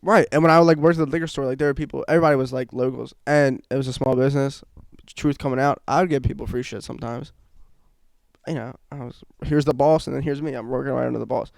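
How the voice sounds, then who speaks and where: A young man in his early twenties, a podcast guest, ranting loudly and bluntly in casual chat. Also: mid-range voice, fairly even intonation, fast, gravelly, no room sound, studio quality. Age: young adult. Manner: loud, blunt and ranting, says bro a lot.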